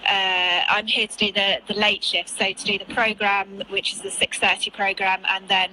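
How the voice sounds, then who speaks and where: Bright, chatty woman on a call outdoors. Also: mid-range voice, little pitch movement, moderate pace, slight background noise, rough recording. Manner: chatty, laughs easily, restarts phrases. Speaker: weather presenter. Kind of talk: casual live video chat. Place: outdoors outside a broadcasting building.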